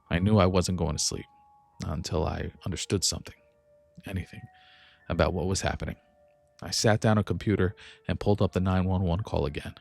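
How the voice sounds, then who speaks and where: A man with a very low, gravelly voice tells a first-person horror story in a measured, tense way. His narration sounds scripted and steady. Faint instrumental music plays softly under him. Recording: soft music bed behind the voice.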